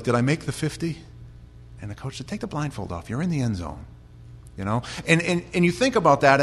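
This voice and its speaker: An American man preaching a conversational Bible sermon, chatty with restarts, sometimes building to loud, impassioned storytelling. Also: mid-range voice. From United States. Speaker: pastor.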